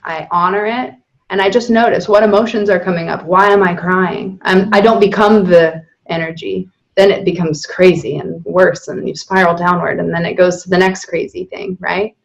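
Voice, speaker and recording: A woman's voice: lowish voice, steady tone, normal speed, creaky. A woman guest on a podcast, talking candidly and animatedly, often breaking into laughter. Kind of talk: casual spiritual conversation.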